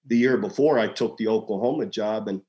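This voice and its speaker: Speaking fairly quickly in a lowish voice, with the high frequencies cut off, this man in his sixties once worked as a head coach. He spins lively stories in a relaxed interview, loudly performing the lines of people he quotes.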